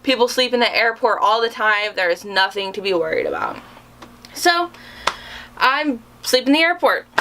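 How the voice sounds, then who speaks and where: Bright, animated young woman vlogger. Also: on the high side, moderate pace, slight background noise. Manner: animated, dramatic storytelling with self-mocking sarcasm. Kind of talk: storytime vlog.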